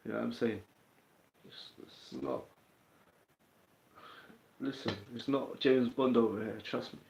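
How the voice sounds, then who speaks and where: A man's voice: mid-range voice, sing-song, a little slow, gravelly, darkish tone, a little hiss or hum. A man with a London accent hosting a casual livestream, chatting in a streetwise way and answering viewers' comments. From England. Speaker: livestream host. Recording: roomy, dull lo-fi sound.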